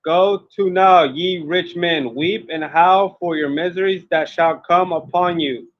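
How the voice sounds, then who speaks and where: A man reading scripture aloud, slow, loud and declamatory. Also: high-pitched, lo-fi sound. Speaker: scripture reader.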